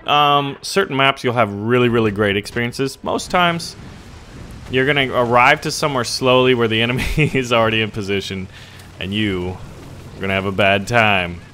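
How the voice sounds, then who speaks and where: A man giving casual gameplay commentary on a tank game, excitable and quick to burst into loud cursing. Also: medium pitch, slight background noise.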